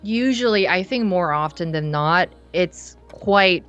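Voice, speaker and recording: Relaxed, rambling young woman. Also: on the low side, measured pace, lo-fi sound, soft background music. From Seoul, South Korea. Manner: relaxed, rambling, lots of "like" and restarts. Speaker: musician guest. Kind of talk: casual interview chat. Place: her bedroom studio.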